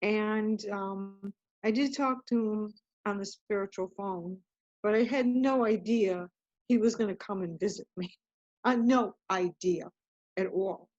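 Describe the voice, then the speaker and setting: A woman's voice: mid-range voice, measured pace, a little mellow, no echo. A woman guest telling her story in an interview, earnest and rambling, often breaking off and restarting. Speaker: guest author. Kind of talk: casual interview talk. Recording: dull, muffled lo-fi audio.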